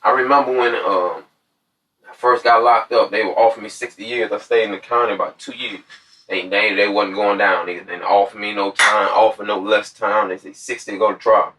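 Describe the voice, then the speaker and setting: A man in his twenties casually telling a story about his past, animated and acting out what others said. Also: fairly low pitch, brisk. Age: 20s. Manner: animated storyteller who acts out quoted voices. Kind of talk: casual chat. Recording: distant from the mic.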